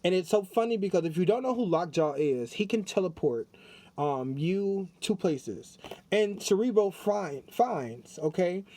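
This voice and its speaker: High-voiced man giving a chatty tarot reading. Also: expressive, a little slow, warm tone. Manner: chatty, repeats himself, talks straight to viewers. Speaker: tarot reader. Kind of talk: casual spiritual card reading.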